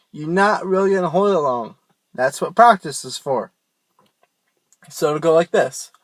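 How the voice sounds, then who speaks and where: With a fairly high-pitched voice and no room sound, a young man rambles informally through a how-to on screaming, cracking jokes at his own expense.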